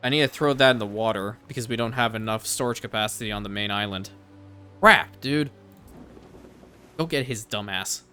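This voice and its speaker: A man with a bright, forceful voice talks through a strategy game in casual commentary, musing to himself and throwing in the odd swear word. Faint game music plays behind him. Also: on the low side, fast talker, hardly any pauses. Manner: thinks aloud, casual swearing. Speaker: let's play host.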